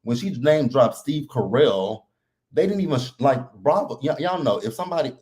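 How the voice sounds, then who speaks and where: A man's voice: medium pitch, moderate pace. A man hosting a live reality TV recap, talking casually and bluntly and laughing a lot. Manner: blunt, animated and laughing often.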